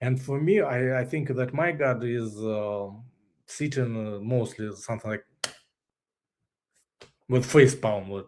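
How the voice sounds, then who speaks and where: Russian-accented man, non-native English speaker, candid interview guest, halting delivery with frequent laughs. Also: medium pitch, darkish tone. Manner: halting, searches for English words, laughs often. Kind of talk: candid personal story.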